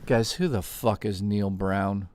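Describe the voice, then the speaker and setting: A man with a lowish voice hosts a livestream at a slow pace, with a noisy background behind him. He chats casually with viewers, reads their messages out loud, and jokes around with plenty of swearing.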